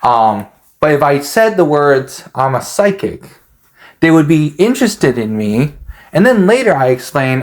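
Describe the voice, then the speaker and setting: A man's voice: mid-range voice, sing-song, moderate pace. A man talking in a rambling, hesitant monologue, full of fillers and restarts. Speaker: podcast host.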